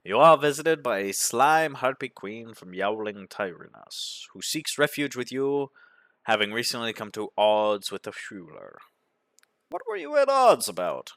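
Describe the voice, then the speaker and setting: A man narrating a game playthrough, reading its events aloud in a deadpan manner. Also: mid-range voice, measured pace, dry recording. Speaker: gaming commentator.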